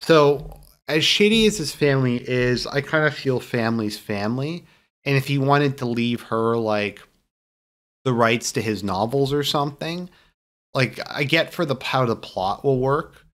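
A man talks through a film review in a loose, off-the-cuff way, full of fillers and restarts as he stumbles toward his point. His voice sits at an ordinary middle pitch, and a dry sarcastic edge comes through when he mocks views he dislikes. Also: fairly bright tone. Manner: rambling, halting, many fillers and restarts. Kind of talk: casual opinionated movie review.

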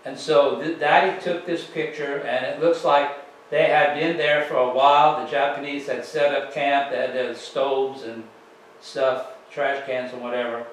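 A man giving a slide presentation to an audience, telling it in an unhurried, folksy way with plenty of fillers. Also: medium pitch, steady tone, slight background noise. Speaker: author giving a library talk. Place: public library meeting room. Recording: roomy, distant mic with faint ambience.

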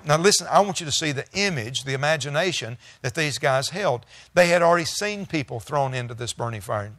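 A man's voice: mid-range voice, fairly bright tone, no echo. A man preaching a sermon as pastor, reading scripture aloud and paraphrasing it conversationally, with bursts of emphasis. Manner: preaching with bursts of emphasis and congregation call-and-response.

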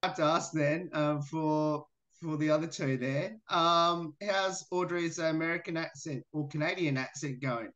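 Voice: mid-range voice, normal speed, a bit bright, dull audio. A radio interviewer asking athletes questions in a friendly way over a video call. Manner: friendly, laughs between questions.

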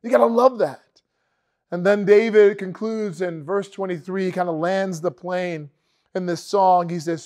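A man's voice: high voice, steady tone, measured pace, darkish tone. A man preaching a sermon to an online congregation, talking conversationally and repeating words for emphasis. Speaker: pastor. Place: church online worship video.

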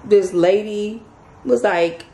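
A woman's voice: medium pitch, slow pace, creaky. Chatty woman vlogger in an echoey room. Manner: animated, chatty, addresses viewers as y'all. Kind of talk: casual storytelling to viewers. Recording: echoey room, faint background noise.

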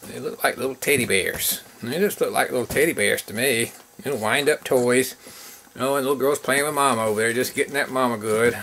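A man filming his puppies, chatting to the viewer and cooing softly at the dogs in baby talk. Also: mid-range voice, a little fast, gravelly, a little hiss or hum. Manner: coos and talks softly to the puppies. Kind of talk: casual vlog narration and baby talk to puppies.

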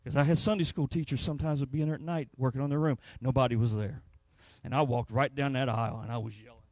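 In a church sanctuary, a man preaches a sermon and tells a personal story, his storytelling rising to anguished shouts. His voice is medium-pitched and steady, he speaks fast, and there's no echo.

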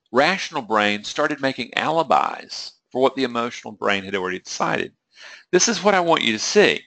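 Man, webinar lecture, gravelly, forceful bright tone, asks the audience questions. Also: mid-range voice, no room sound. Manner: conversational, asks the audience questions, acts out traders' inner voices. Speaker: trading psychology coach.

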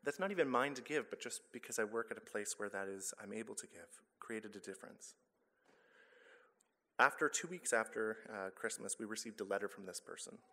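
A man speaks to a congregation in a fairly low voice. His talk is earnest and conversational, with the odd stumble and self-correction, and it rings through a church hall with a long reverb. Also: fairly quick, sharp tone. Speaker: guest speaker, charity director. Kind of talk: church talk with personal story. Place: church sanctuary.

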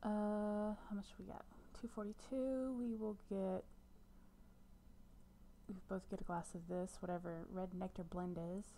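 Woman, casual gameplay commentary, slow delivery, soft whispery asides, faint background hiss. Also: mid-range voice, flat delivery. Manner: chatty, often drops to a soft whisper; talks to viewers as "guys".

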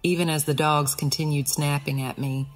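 A woman narrating a Christian allegorical audiobook in the first person, earnest and expressive. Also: low voice, moderate pace, faint music behind.

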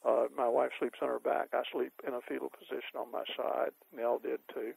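A man's voice: mid-range voice, flat delivery, brisk, vocal fry, a little mellow, husky, no echo, poor audio. An older man, an author being interviewed, telling rambling anecdotes with many fillers and chuckles. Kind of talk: anecdotal storytelling.

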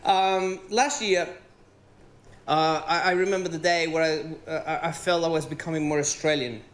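A man from Venezuela with a Venezuelan Spanish accent, Spanish-speaking by birth, doing animated, profane stand-up comedy on stage. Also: fairly high pitch, normal speed, a little hiss or hum. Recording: roomy theatre with audience laughter.

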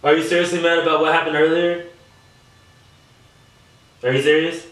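This man's voice is on the high side and a bit bright, keeping a level tone at moderate pace as he vlogs a casual prank at home. He's exasperated and nagging, repeating himself over and over. The mic sits far off in an echoey room, picking up faint noise.

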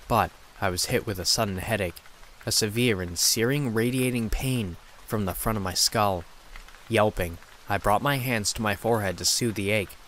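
A man reads a scary story with steady, dramatic delivery. His voice sits fairly low, and faint noise runs underneath. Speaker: horror story narrator. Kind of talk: scripted horror narration.

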